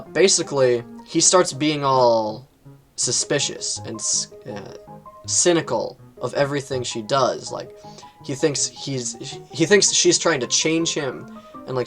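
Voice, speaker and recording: A man casually reviewing books on his channel, rambling, with lots of fillers and quick jumps in pitch. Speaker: book reviewer.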